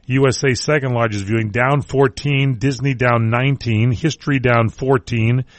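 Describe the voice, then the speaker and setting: A man's voice: mid-range voice, fairly even intonation, normal speed, no echo. A male radio host riffing on entertainment headlines in a loose, rambling way. His voice sits in an ordinary middle register. The sound is dry and close. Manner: wisecracking, rambling. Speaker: radio talk show host. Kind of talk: casual entertainment news chat.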